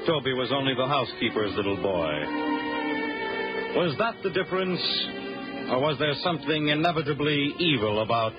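A man's voice: medium pitch, expressive. Man narrating an old radio drama. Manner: measured, deliberate storytelling. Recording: muffled old radio broadcast with music.

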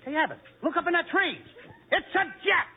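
A man performing 1940s radio comedy as an excitable, whiny comic who fires off wisecracks. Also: extremely high pitch, a little fast, a little hiss or hum. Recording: tinny old radio broadcast with audience laughter.

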